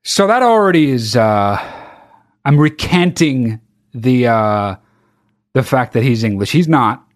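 A man hosts a casual comedy podcast, his pitch swinging widely as he rants. He swears freely and reads the article in a mocking, sarcastic tone. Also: animated, slow pace. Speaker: podcast host.

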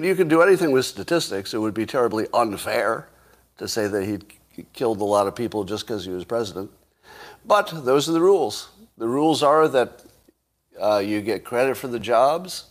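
A man hosts a casual solo commentary, thinking out loud at an easy pace. He tosses rhetorical questions to his listeners and breaks into wry chuckles along the way. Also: lowish voice.

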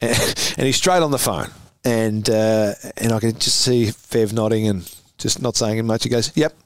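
A man in his forties with an Australian accent, a former footballer telling stories as a guest, animated and often laughing. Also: on the low side, measured pace, no echo. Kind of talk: casual storytelling interview.

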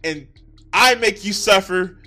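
A man streaming live, reacting to videos with loose, profane, excitable commentary that keeps tipping into giggles. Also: high voice, a little slow. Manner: excitable, swearing, breaks into giggles.

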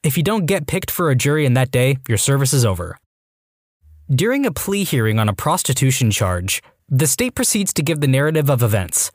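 A man narrates a string of short stories in a scripted read. His pitch rises and falls freely as he tells them. The sound is close and dry, with no room around it. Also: big pitch swings, brisk, no room sound. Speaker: narrator reading online stories.

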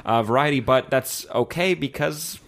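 A man in a casual film discussion, talking in a hesitant, halting way. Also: medium pitch, fairly bright tone. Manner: hesitant, halting, self-conscious. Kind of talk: casual chat.

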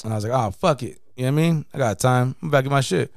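A man rattling off a story at a brisk clip, loose and slangy, peppered with profanity and "you know what I mean." His voice comes through smooth and clean, dry and close to the mic, in a middle register. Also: medium pitch, no echo. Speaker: podcast co-host. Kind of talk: casual storytelling chat.

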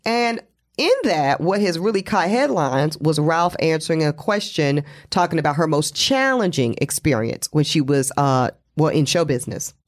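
A man co-hosting a podcast, talking through celebrity news in casual chat, animated and quick with asides and laughter. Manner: animated, pitch jumping high for emphasis, quick asides and laughs. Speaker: podcast co-host. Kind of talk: casual pop-culture chat.

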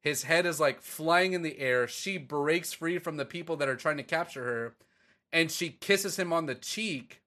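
A man in casual podcast chat, excitedly and profanely retelling a story to his co-host. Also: a little high, normal speed.

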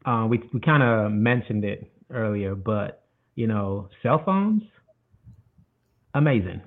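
A man guest giving advice in a casual interview, relaxed and full of fillers, over a tinny line. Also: on the low side, slow. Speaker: guest cinematographer.

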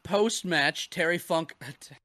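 Male podcast co-host, bright and a bit high, dry mic, swears while recapping matches. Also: slow pace. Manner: profane, laughing, animated recapping. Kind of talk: casual chat reviewing wrestling.

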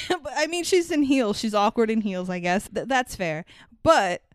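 A woman's voice: fairly high pitch, expressive, a little slow, no echo, studio quality. A woman co-hosting a movie podcast, talking casually and animatedly, swearing freely and laughing often. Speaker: podcast co-host. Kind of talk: casual movie review chat.

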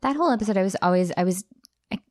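A woman co-hosting a casual chat about a TV episode, musing in a halting way with restarts. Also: mid-range voice, expressive, no echo, studio quality. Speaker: podcast co-host.

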